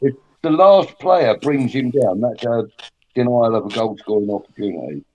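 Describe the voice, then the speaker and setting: A man's voice: mid-range voice, animated, normal speed, highs cut off, a crowd in the background. A middle-aged man co-hosting a casual live-stream chat, opinionated and emphatic, often repeating himself.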